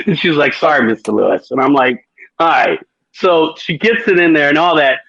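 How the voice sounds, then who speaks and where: A man's voice: fairly high pitch, dry recording, muffled recording. A man hosting a podcast, telling a long crude story casually, swearing and laughing often. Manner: profane, laughing, animated storyteller. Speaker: podcast host.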